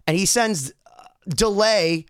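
Lively, animated man telling stories. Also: high-pitched, takes it slowly, smooth, dry recording, clean studio sound. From Boston. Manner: excited storyteller, acts out quotes. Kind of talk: casual chat.

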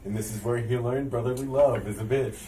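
A man's voice: medium pitch, fairly even intonation, a little fast, mellow. A man co-hosting a casual podcast, dropping dry wisecracks. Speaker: podcast co-host. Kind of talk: casual chat. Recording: roomy, distant mic with faint noise.

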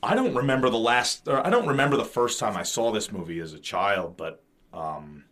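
A man's voice: lowish voice, animated, a little fast, a bit bright. A man in his thirties co-hosting a podcast, chatting casually about a movie with swearing, fillers and restarts. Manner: profane, rambling, frequent fillers and restarts. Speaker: podcast co-host. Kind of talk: casual movie commentary chat.

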